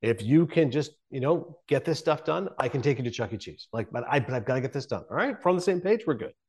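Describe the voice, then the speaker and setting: A man's voice: mid-range voice, lively intonation, fast, a little mellow, husky. Male guest, 40s, broadcaster type, candid and reflective. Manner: earnest, reflective, many restarts. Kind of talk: conversational interview.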